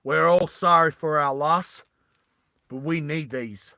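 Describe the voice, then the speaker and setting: A man voicing a cool, deadpan male character with a Southern US accent. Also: on the high side, takes it slowly, creaky, clean tone, no room sound, heavily acted. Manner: calm, deadpan.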